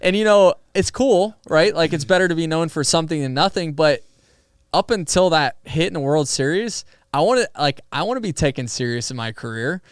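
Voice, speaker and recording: A young man and podcast guest telling stories in a casual, animated way, laughing often and using many fillers. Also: on the high side, fairly quick, smooth, no echo, studio quality. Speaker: podcast guest, pro athlete. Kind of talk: casual storytelling conversation.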